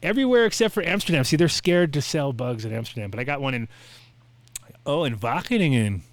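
A man's voice: fairly high pitch, sing-song, quick pace, no room sound. A man hosting a podcast in casual chat, brash and playful, rattling off lists and teasing his co-hosts. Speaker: podcast host.

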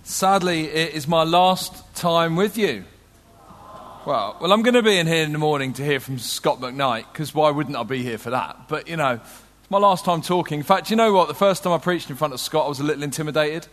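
A British man in middle age preaching with a notably high voice. He tells stories with easy humour and a conversational touch. His voice rings out with a long reverb, as in a large hall. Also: normal speed, a bit bright. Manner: humorous, conversational, storytelling. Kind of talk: sermon.

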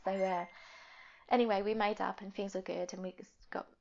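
A young woman tells her story in an interview, talking candidly and haltingly. Her voice has a gravelly fry and sits at a middling pitch. At times she drops almost to a whisper, and the recording sounds a little dull. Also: flat delivery, a little mellow. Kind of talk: personal testimony.

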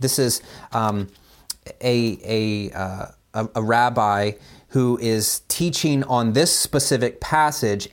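A man preaching a sermon, reading scripture with lively voiced speeches and chatty asides full of fillers. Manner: animated, voices biblical speakers with pitch jumps. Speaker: pastor.

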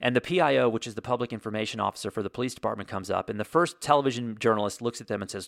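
Middle-aged male host with a gravelly voice and a dry sound, rambling and conversational. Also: fairly low pitch, racing, hardly any pauses, a bit bright, dry recording. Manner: conversational, rambling with restarts and asides. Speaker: podcast host. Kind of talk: casual storytelling.

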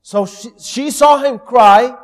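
High-voiced man preaching slowly in a reverberant hall. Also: soft background music. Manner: earnest storytelling, addresses the audience directly. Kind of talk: sermon.

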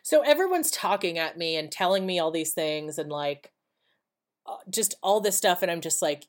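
A woman's voice: fairly low pitch, animated, moderate pace. A woman co-hosting a podcast, telling a personal story in a blunt, profane, casual way and acting out the dialogue. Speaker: podcast co-host.

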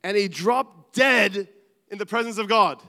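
A middle-aged man preaching a sermon, earnest and animated, dropping to quiet asides. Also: sits high, measured pace. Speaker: pastor. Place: large church hall. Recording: reverberant church hall.

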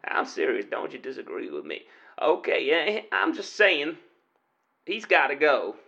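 A man's voice: on the high side, huge pitch swings, a little slow, gravelly, bright, forceful tone, lo-fi sound, heavily acted. A man voicing a pushy male caller who talks in an exaggerated folksy cowboy drawl.

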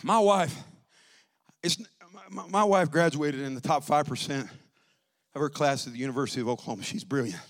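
A man with a high voice preaching a Pentecostal sermon and a lilt. He talks to the congregation in a joking, conversational way, then climbs into loud, stretched-out preaching. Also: fairly quick. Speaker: pastor.

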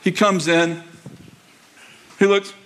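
A man preaching a sermon as a pastor, telling stories in an animated way, laughing often and acting out the voices. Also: high voice, takes it slowly, noisy background. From United States. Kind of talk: sermon with storytelling. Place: large church auditorium.

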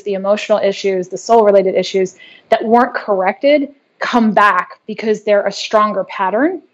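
A woman guest in a conversational interview who explains her wellness work in an earnest, brisk way. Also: medium pitch. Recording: dull lo-fi audio.

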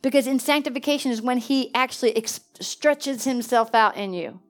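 A woman preaching in a lively storytelling way, jumping from excited bursts to hushed, quiet asides. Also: on the high side, moderate pace. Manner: animated, swings between excited exclamations and hushed asides. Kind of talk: storytelling sermon.

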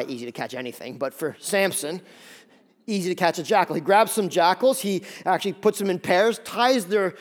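A male pastor preaching a sermon, retelling a story in a lively, joking way and acting out the characters' lines. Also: high voice. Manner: lively storytelling, acts out voices.

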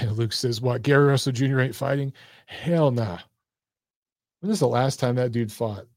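A man's voice: mid-range voice, moderate pace, no echo. Blunt, profane man, close dry sound. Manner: blunt, profane, talks straight to viewers. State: losing his voice. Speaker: boxing show host. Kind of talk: casual live-stream chat.

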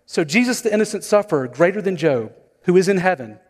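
High-voiced pastor preaching in a reverberant hall. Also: male voice, lively intonation, fast. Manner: conversational preaching with storytelling asides. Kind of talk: sermon.

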